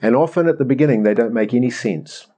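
Casting: middle-aged New pastor, chatty, animated, mid-pitched man. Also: fast, slightly rough. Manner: animated, rambling storyteller acting out prayers. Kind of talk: conversational sermon.

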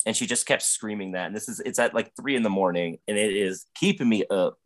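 A man with a lowish voice talks briskly, spinning a rambling, profane, comedic story in casual podcast chat. He could be the guest or the host, and his speech is full of fillers.

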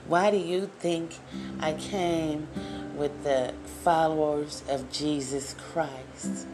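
Slow fervent woman preaching scripture. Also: low voice, steady tone, darkish tone, faint music behind. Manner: fervent, repeats phrases, addresses listeners directly. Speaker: Bible study leader. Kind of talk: emotional scripture reading and preaching.

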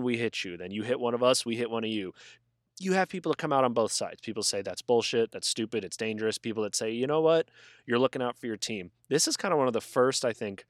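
A man's voice: medium pitch, dry recording, clean studio sound. A man co-hosting a casual sports podcast, talking bluntly and swearing freely as he rambles through his points. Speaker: podcast co-host. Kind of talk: casual chat.

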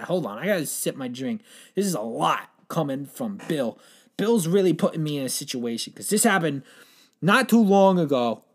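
A man telling a rambling, absurd comedy story in a deadpan way, with lots of swearing and panicked acted-out quotes. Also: fairly high pitch, normal speed. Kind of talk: absurd improvised comedy monologue.

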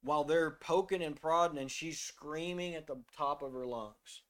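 A man's voice: on the high side, moderate pace. A middle-aged man in a casual faith discussion, telling a personal story in an earnest way and now and then reading scripture aloud. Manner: earnest, storytelling, drops to a soft voice when quoting himself.

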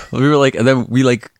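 A man's voice: medium pitch, no echo. A man co-hosting a podcast, telling a story in casual chat, rambling and laughing often, swearing freely. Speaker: podcast co-host.

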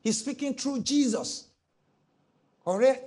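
A middle-aged man preaches a sermon, his pitch rising and falling widely. His voice sits a little high for a man, and he slips into playful voices for the people in his stories. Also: normal speed. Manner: animated, mimics voices in stories, laughs often. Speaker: pastor.

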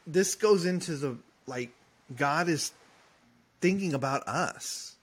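A man's voice: a little high, slow pace, breathy edge. Easygoing man in a Bible study chat. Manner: easygoing, reads verses plainly, brief agreements. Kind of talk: casual Bible study discussion.

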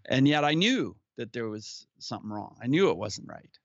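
A man telling his life story as a guest in an interview, speaking earnestly and at an unhurried pace. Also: mid-range voice, big pitch swings, dry recording. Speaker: podcast guest who hosts his own show. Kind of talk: personal storytelling in conversation. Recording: slightly muffled audio.

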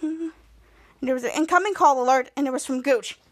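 Brief: podcast host, woman with a very high voice, casual recap, run-on rambling delivery. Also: brisk. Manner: rambling run-on retelling, many "and"s.

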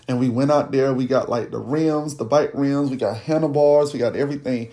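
Man, gravelly voice, dark mellow tone, slow heavy storytelling. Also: mid-range voice, steady tone. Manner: slow, heavy recounting of a painful childhood memory. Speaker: podcast host telling his life story. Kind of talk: personal storytelling.

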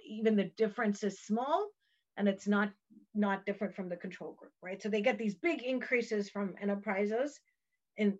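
A woman's voice: medium pitch, muffled recording. A woman presenting research findings in an explanatory way, with fillers and self-corrections. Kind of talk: academic talk excerpt.

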